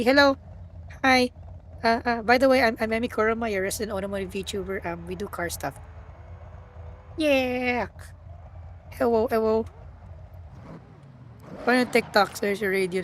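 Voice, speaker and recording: A young woman streaming a driving game, excitable and stammering, often squealing and laughing as she drives. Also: a little high. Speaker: automotive VTuber streamer. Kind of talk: live gaming stream commentary. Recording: car engine noise behind.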